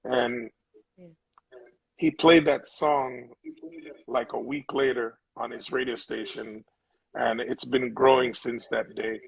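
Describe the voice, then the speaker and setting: A man's voice: mid-range voice, fairly even intonation, takes it slowly, gravelly, pauses often, breathy edge, poor audio. Earnest middle-aged man telling stories. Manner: earnest, rambling storyteller with frequent restarts. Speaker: musician guest. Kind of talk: casual storytelling interview.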